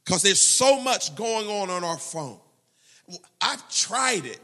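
A man preaching a sermon as pastor, animated, quoting prayers and scripture. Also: sits high, takes it slowly.

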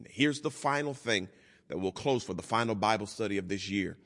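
A male pastor leads a Bible study sermon with a very lively voice that climbs for emphasis and sinks to near quiet. His words ring out with a long reverb, as if in a large hall. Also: fairly low pitch, a little fast. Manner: animated preaching, swings from loud to hushed.

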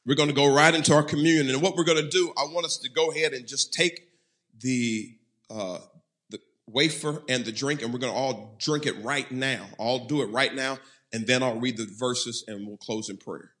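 A male pastor preaching a sermon, breaking into loud shouted bursts, throwing in folksy humor and leading the congregation in call-and-response. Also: mid-range voice, normal speed.

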